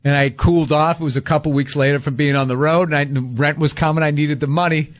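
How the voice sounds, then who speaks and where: A middle-aged man and comedian, telling long, rambling stories about his career, swearing and mocking himself as he goes. His voice sits a touch higher than most men's. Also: fairly even intonation, quick pace. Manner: profane, rambling, self-deprecating storyteller. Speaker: comedian guest. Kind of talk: casual storytelling chat.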